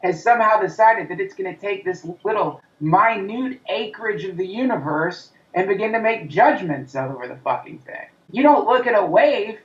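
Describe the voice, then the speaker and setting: A man's voice: high voice, lively intonation, moderate pace, hardly any pauses. Ranting male comedian, far from the mic. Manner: intense, profane, ranting; acts out his inner critic's voice. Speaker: comedian guest. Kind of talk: interview conversation. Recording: roomy, distant, dull sound.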